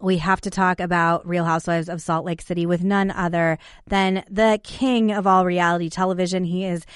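A woman's voice: fairly low pitch, fairly even intonation, normal speed, clear, resonant tone, no echo, studio quality. A woman in her thirties hosting a podcast, chatting casually with her guests and using many fillers. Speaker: podcast host. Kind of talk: casual interview chat.

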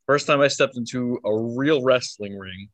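A man's voice: medium pitch, moderate pace, no echo. A man in his twenties, a wrestler answering interview questions casually, hesitant and full of fillers, chuckling often. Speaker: wrestler guest.

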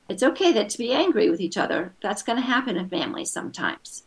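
A woman's voice: mid-range voice, animated, fast talker, few pauses, fairly bright tone. A woman coaching a parent on running family meetings, patiently explaining steps and acting out short scenes. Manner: patient, acts out kids' voices in quotes. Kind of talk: advice session.

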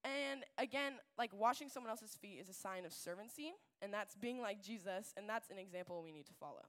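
A young woman giving a casual faith talk to a group, chatty and animated, full of fillers and asides. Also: medium pitch, a little fast. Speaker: youth speaker.

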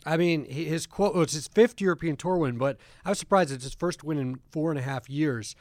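A man's voice: fairly high pitch, fairly quick, a little mellow, no room sound. A man hosting a podcast in a casual studio chat, rambling and self-deprecating with restarts. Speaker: podcast host.

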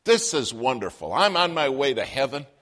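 A man voicing an excited young female store clerk who gushes in a breathless run of words, within a spoken sermon story. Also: medium pitch, normal speed, breathy edge. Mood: overjoyed.

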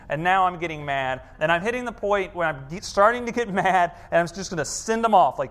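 A man preaching a conversational sermon, emphatic and repetitive, firing rhetorical questions and sometimes sinking to a hushed, slow voice. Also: sits high, animated. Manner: emphatic, repeats phrases, asks rhetorical questions; drops to a hushed, slow voice for tender moments. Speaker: pastor.

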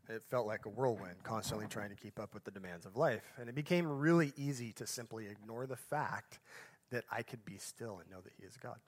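Man preaching, phrases fading to a hush. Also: mid-range voice. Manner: phrases swell louder then drop off to a soft, hushed finish; conversational asides and self-corrections. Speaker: pastor. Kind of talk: sermon.

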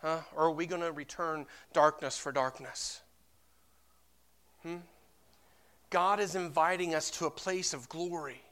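A man preaching a sermon as pastor, building to loud emphatic peaks and calling for amens. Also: on the high side, fairly even intonation, unhurried, long pauses. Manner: impassioned, rising to loud emphatic peaks, asks congregation for amens; storytelling with repeated restarts.

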